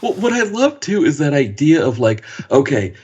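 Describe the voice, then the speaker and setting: Male podcast guest, husky voice, lively delivery, acts out scenes. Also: on the high side, moderate pace, muffled recording. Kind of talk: casual film chat.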